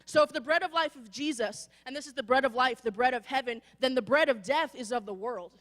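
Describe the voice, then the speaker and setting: High-voiced woman preaching in a hall. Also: brisk. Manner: animated storytelling, acts out voices. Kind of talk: sermon. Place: church sanctuary.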